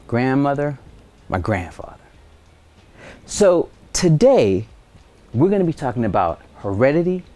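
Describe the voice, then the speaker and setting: Male science teacher, unhurried and very expressive delivery; tells classroom stories and acts out quoted voices. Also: mid-range voice. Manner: animated storytelling with playful voices for quoted people. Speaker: high school science teacher. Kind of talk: video science lesson.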